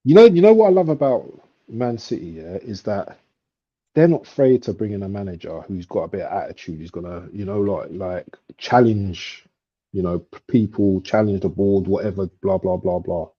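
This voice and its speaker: Mellow low-voiced host. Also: male voice, normal speed, breathy edge. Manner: rambling, full of fillers. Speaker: livestream host. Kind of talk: casual football chat. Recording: dull lo-fi stream audio.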